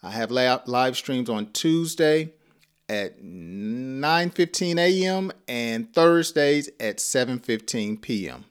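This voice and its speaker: A man leads a live-streamed English class at an unhurried pace. He says each example phrase with care and repeats it, and sometimes chuckles at his own examples. His voice sits at an ordinary middle pitch. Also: lively intonation, clean tone. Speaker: English teacher.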